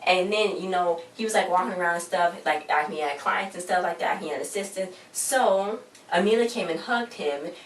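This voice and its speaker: This TV episode reviewer speaks at a normal pace in a fairly low-pitched voice, rambling casually through her recap with slangy, exasperated remarks. Her audio sounds distant and roomy, with a faint hiss underneath.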